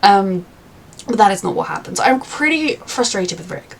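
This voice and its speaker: A young woman chats through her review of a TV episode, rambling and circling back with plenty of fillers. Her voice has a husky edge at a middle pitch. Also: big pitch swings, normal speed. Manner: chatty and rambling, frequent fillers. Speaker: TV reaction reviewer. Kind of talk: casual reaction review.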